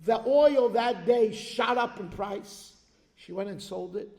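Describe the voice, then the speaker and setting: A man giving a sermon at an organization's event, telling a religious story with animated delivery and checking in with the audience. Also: sits high, slow. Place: large hall at an event. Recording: long reverb of a large hall.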